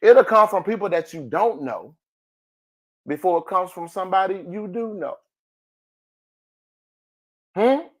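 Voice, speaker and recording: A man hosting a podcast in a motivational monologue, colloquial and preachy, calling out "ooh" and swinging between loud and soft. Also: animated, measured pace, pauses often. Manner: preachy, exclaims "ooh", big swings in pitch and volume; colloquial, addresses listeners as family. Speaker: podcast host.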